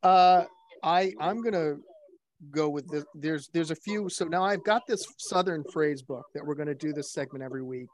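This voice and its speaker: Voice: medium pitch, moderate pace. A podcast host casually leading a group chat on a video call, rambling and joking, with lots of fillers and restarts.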